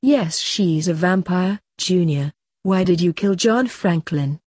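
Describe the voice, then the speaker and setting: A cold, stern old grim reaper from a storybook, as a woman reads him speaks with a flat chill. The voice is low and husky. The sound is dry and close. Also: slow, no room sound.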